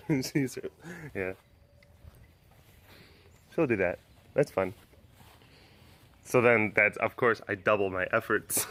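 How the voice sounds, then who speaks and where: A big cat caretaker chats casually and playfully to his cats and the camera, teasing them, laughing often and slipping into baby talk. His voice is fairly low-pitched yet bright and forceful, slow-paced with frequent pauses.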